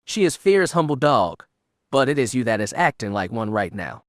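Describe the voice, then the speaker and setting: A man doing a sharp-tongued woman inquisitor. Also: mid-range voice, big pitch swings, normal speed, dry recording, studio quality, lightly acted. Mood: scornful. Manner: sharp, cutting retorts. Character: determined young woman Sith inquisitor.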